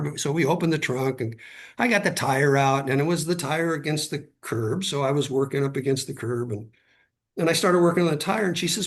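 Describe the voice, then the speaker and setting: Middle-aged male guest, fairly high voice with a husky rasp, earnest and halting. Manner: earnest, halting, repeats words when starting a thought. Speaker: guest author. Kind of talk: conversational storytelling.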